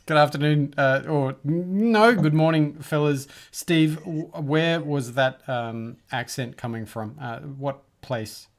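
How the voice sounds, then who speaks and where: A man's voice: on the high side, sing-song, slow pace. A man hosting a casual chat show, laid-back and filling gaps with "uh". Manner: laid-back, with many filler "uh"s. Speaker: podcast host.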